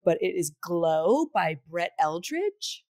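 A woman's voice: fairly low pitch, big pitch swings, slow pace, darkish tone, no room sound, studio quality. A woman in her thirties co-hosting a casual chat, rambling with fillers and restarts. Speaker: podcast co-host.

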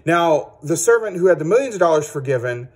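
A man teaching children a Bible story as a children's ministry teacher, animated and acting out the characters. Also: a little high, a little fast, slightly rough.

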